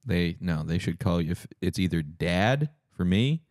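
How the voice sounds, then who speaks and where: A man with a very low voice that swings widely in pitch, dropping deadpan quips on a podcast. The recording is dry and close. His lines come short and blunt. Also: a little slow, dry recording. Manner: deadpan quips, sudden silly bits. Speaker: podcast co-host. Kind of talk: casual comedic chat.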